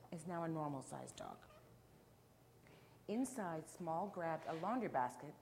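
A woman reads a picture book aloud to children, animated and playful. She pauses to ask the listeners questions and sometimes dips into whispers. Her voice sits low, with a faint hiss behind. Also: vocal fry. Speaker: storyteller.

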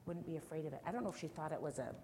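A woman teacher talks with a class of children in a gentle way, asking questions and telling a story. Her voice sits a little low. The recording has clear background noise from the classroom. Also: very fast.

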